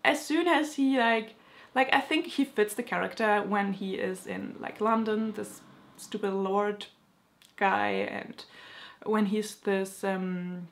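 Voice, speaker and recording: Young woman vlogging, gravelly voice, rambly and excited, tons of filler words. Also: mid-range voice, takes it slowly. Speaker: book vlogger. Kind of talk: casual chat.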